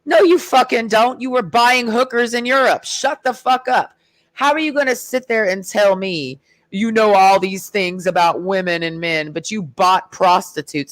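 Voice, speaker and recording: A woman's voice: medium pitch, animated, moderate pace, no echo. A woman ranting in a heated, sarcastic and profane way in a casual vlog. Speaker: vlogger. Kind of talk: casual rant.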